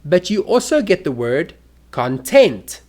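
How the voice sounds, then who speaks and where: Slow, lively English teacher. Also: medium pitch. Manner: clear, deliberate teaching delivery with exaggerated spoken examples. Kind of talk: English lesson for learners.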